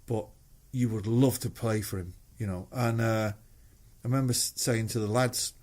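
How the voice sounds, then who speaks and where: A man's voice: lowish voice, steady tone, normal speed, darkish tone. A middle-aged man with a Mancunian English accent, a musician guest telling anecdotes in casual chat, swearing freely and acting out quoted voices.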